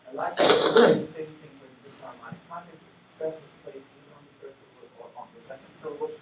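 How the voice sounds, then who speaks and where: Man lecturing in an echoey hall. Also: fairly high pitch. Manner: measured, explanatory, frequent fillers and checks with the audience. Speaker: conference plenary speaker. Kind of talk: academic lecture. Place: conference hall. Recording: roomy distant live-stream audio with noise.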